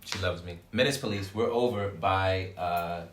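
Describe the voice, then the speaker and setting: Male co-host, serious and dry-humored, lowish bright voice, echoey room. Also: normal speed, a little hiss or hum. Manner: serious, thoughtful, joking dryly. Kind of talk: casual chat.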